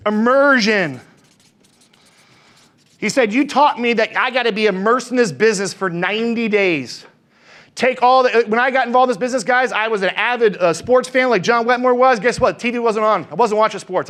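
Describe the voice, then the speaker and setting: A middle-aged man giving a motivational sales seminar, acting out conversations and asking the room questions. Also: high-pitched. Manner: energetic, acts out dialogue, asks crowd questions. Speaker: insurance sales trainer.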